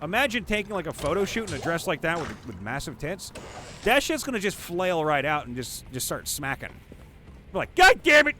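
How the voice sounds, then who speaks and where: Crude, lively man streaming a game. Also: on the high side, a little fast, a little hiss or hum. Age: adult, not young. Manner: crude, profane, joking rants. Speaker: streamer and voice actor playing a game. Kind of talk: casual live-stream chat. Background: game music.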